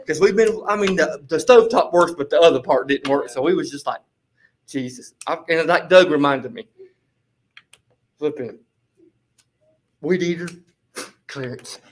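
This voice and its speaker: Man, high voice, loose and animated storyteller, casual church-group testimony. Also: normal speed, pauses often. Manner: animated, rambling storyteller, repeats "flipping" as a filler. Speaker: bible study group member.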